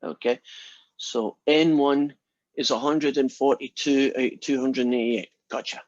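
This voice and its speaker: A man's voice: mid-range voice, steady tone, a little slow, no echo, dull audio. A male math instructor lecturing casually and telling a long joke to his class in a chatty, storytelling way.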